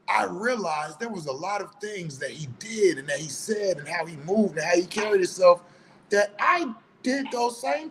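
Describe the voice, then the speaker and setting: A man delivers a heated, preachy monologue in loose, colloquial speech. His voice sits a bit higher than most men's, with a faint hum of room noise behind it. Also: gravelly, fairly bright tone, low-quality recording. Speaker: online commentator. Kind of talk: opinion monologue.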